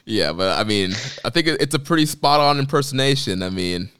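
A man's voice: mid-range voice, lively intonation, a little fast, a bit bright, clear, resonant tone. A man co-hosting a podcast in casual chat, laid-back and steering the show to the next topic. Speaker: podcast co-host.

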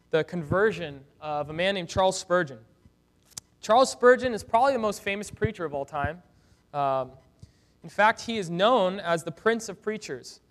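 A man preaching a sermon as pastor, speaking in an earnest, exhorting way. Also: sits high.

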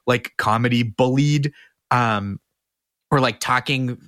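A man's voice: mid-range voice, slow pace, dry recording, studio quality. A man, a comedian guest on a podcast, telling stories in casual chat and acting out quotes with bursts of laughter. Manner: animated storyteller who acts out quotes with laughs.

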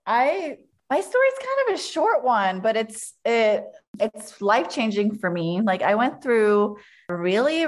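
Candid woman sharing a personal story. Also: medium pitch. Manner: candid and emotional, heavy use of "like". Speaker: guest.

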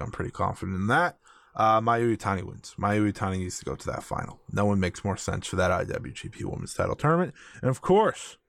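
A man's voice: fairly low pitch, no room sound, clean studio sound. A man hosting a solo wrestling podcast, chatting enthusiastically with lots of fillers and repeated phrases. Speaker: podcast host.

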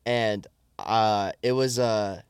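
A young man telling stories in casual podcast chat, animated and swearing, with lots of fillers. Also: fairly low pitch, slow pace, clean tone, no echo, clean studio sound. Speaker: podcast guest.

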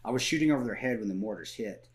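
A man's voice: lowish voice, expressive, very fast. A man as a podcast guest, telling stories in casual conversation, blunt and swearing, often restarting and repeating words.

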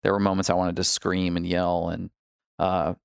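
A man with a very low, gravelly voice talks through his personal history candidly. He reflects as he goes, pausing and restarting his sentences. The sound is dry and close. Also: flat delivery, no echo.

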